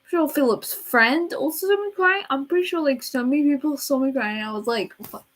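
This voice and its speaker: A teenage girl chatting casually in a storytime vlog, rambling and dramatic, with quiet asides. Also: sits high, fairly quick, low-quality recording. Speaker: vlogger.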